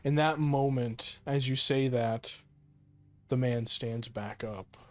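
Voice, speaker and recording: Male game master, slow descriptive narration, filler-heavy. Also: mid-range voice, steady tone.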